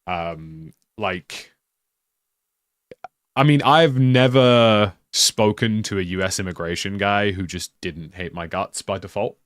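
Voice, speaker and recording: Rambling British man, low and dry. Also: takes it slowly, no echo. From United Kingdom. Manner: rambling, full of "like" and restarts. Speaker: streamer. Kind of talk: casual live-stream chat.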